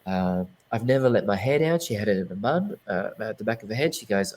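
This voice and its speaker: A man with a fairly low voice tells his story as an interview guest. He talks earnestly and rambles, often restarting his sentences mid-thought. It sounds like relaxed, casual conversation. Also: brisk, rough recording. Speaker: guest psychic medium.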